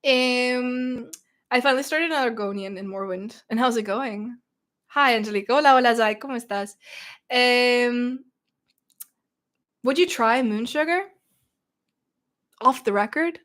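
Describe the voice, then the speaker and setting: A young woman streamer from Russia chats through a livestream Q&A, reading comments aloud. Her voice sits a little high. She banters in a teasing, playful way. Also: unhurried, long pauses, fairly bright tone. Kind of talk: casual livestream Q&A.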